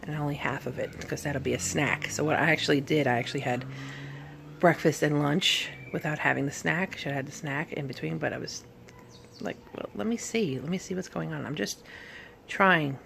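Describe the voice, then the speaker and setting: A woman vlogging at home while recovering from surgery, tired and in pain, talking in a halting, rambling way full of fillers and restarts. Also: deep voice, creaky, a bit bright, slight background noise. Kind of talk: casual recovery vlog. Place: at home, sitting in bed.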